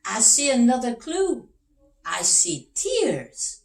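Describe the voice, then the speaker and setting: A woman voicing a confident male detective in a storybook read-aloud, with loud, eager exclamations; roomy sound with the mic far off. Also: on the high side, huge pitch swings, slow, vocal fry, voice pushed up, full character voice.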